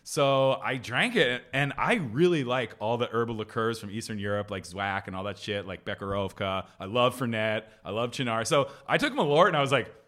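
Lively, bright-voiced man chatting. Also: mid-range voice. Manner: animated, swearing, quick impressions. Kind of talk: casual chat.

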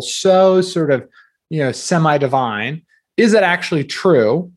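Guest spot: man in his 30s from new jersey, fairly high voice, talkative and loose, lots of fillers. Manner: chatty, quick, filler-heavy with many "like"s. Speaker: guest author. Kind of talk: casual podcast interview.

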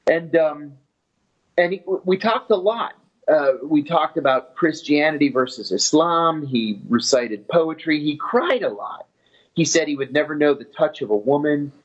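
Man, interview storyteller, matter-of-fact, slightly high voice, dull lo-fi audio. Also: animated, a little slow. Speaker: former intelligence officer telling his story.

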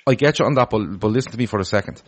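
A man's voice: on the low side, racing, breathy edge. A man hosting a casual football podcast, chatty and full of restarts as he reads out viewer comments. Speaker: podcast host.

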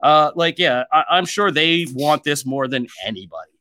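A man co-hosting a casual pop-culture chat, animated and joking, jumping high and loud when he gets excited. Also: normal speed. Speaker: podcast co-host.

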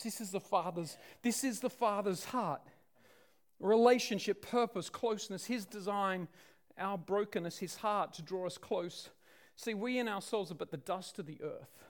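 High-voiced preacher, loud then hushed. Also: male voice, measured pace. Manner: dramatic, swings from loud to hushed. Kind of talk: sermon.

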